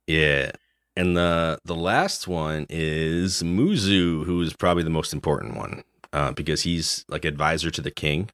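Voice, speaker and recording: A man's voice: a bass voice, measured pace, a bit bright, clear, resonant tone, dry recording. A man co-hosting a podcast, talking casually about a video game, rambling with many fillers and chuckles. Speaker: podcast co-host.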